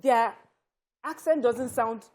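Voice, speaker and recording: A woman with a Nigerian accent speaking as a studio panel guest, animated and telling personal stories with quoted lines. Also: on the high side, takes it slowly. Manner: animated, tells personal anecdotes with quoted dialogue.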